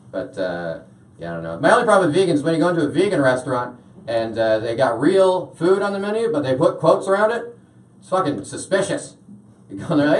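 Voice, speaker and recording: A young stand-up comedian, speaking quickly in an animated mid-range voice, rambles through his set with frequent uhs. The stage is a small washroom, so the sound is echoey and his voice seems far off.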